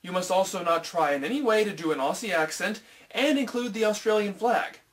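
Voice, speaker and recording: A man's voice: high-pitched, lively intonation, fairly quick. An American man hosting a comedic film review, joking in a sarcastic, self-mocking way. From United States.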